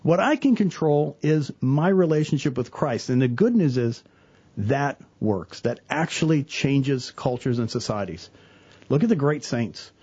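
Lively, husky-voiced man. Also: mid-range voice, a little slow, highs cut off. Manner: earnest, animated storyteller, quotes people in voices. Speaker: church worker, guest on a talk show. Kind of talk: casual faith talk.

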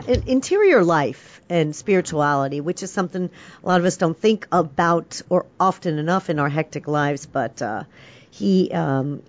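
A woman hosting a radio talk show, introducing guests in a friendly, brisk way and correcting herself with a laugh. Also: lowish voice, highs cut off. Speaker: host. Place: radio studio.

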